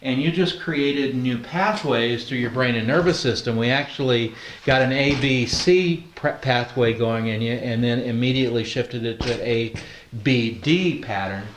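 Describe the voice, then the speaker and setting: A man's voice: medium pitch, moderate pace, a little hiss or hum. Man teaching a group in an echoey room. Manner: conversational, asks the group questions. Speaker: NLP trainer. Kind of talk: classroom teaching.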